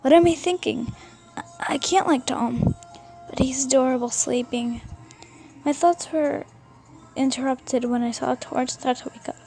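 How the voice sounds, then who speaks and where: A woman's voice: sits high, measured pace, darkish tone, faint music behind. A young woman casually reading a fan fiction story aloud, often stumbling and rereading words.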